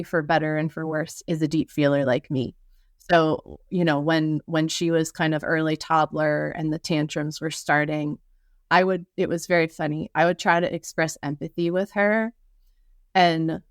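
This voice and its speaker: A woman's voice: low-pitched, dry recording. Reflective woman author, dry close sound. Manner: reflective, earnest, with frequent fillers and restarts. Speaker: author and podcast guest. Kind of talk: conversational interview and reading aloud from her book.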